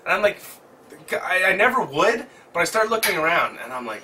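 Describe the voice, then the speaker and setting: A young man tells a story to the camera at home in an animated, excitable way. His voice sits a little high and sounds bright and forceful, picked up from some distance away from the mic. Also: fairly quick, slight background noise. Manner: animated, excitable retelling with swearing. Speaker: vlogger. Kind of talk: casual storytelling chat.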